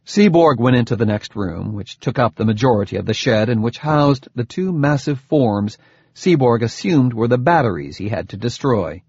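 Husky male audiobook narrator, lively delivery. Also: medium pitch, dry recording. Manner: expressive storytelling, dry humor. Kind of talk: scripted narration. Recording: dull lo-fi, dry close recording.

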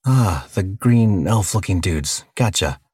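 A man's voice: sits low, lively intonation, slow, a little mellow, slightly rough, no room sound, clean studio sound, full character voice. A man voicing a bewildered young human captive who answers with sarcasm and curses. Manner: sarcastic, cursing.

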